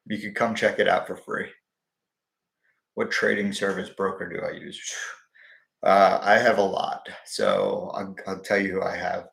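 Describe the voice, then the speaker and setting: A man's voice: low voice, animated, measured pace, creaky, a bit bright, reverberant. A man hosting a live stream, answering viewers' questions in a blunt, profane, wisecracking way. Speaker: livestream host answering viewer questions on stocks. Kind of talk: casual live-stream chat.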